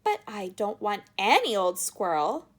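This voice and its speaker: Woman plays a spoiled little rich girl, shrill and demanding, shouting high. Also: sing-song, moderate pace, full character voice.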